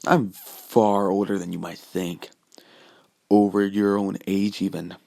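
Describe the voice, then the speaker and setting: A man voicing a cold, cocky, ageless young hero, gravelly. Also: deep voice, level tone, dark tone, full character voice. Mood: taunting. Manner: loose, halting quoted dialogue.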